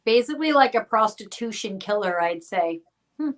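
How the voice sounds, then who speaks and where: A woman's voice: medium pitch, expressive, moderate pace. A woman co-hosting a live-streamed show, chatty and wry. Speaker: co-host. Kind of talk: casual live-stream chat.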